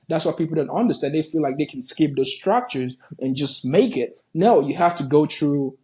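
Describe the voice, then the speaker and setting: A Nigerian-born man talking in a loose, animated podcast chat, his voice sitting a touch higher than most men's. He swears freely and stumbles over repeated words as he makes his point. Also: moderate pace, few pauses. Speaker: podcast guest.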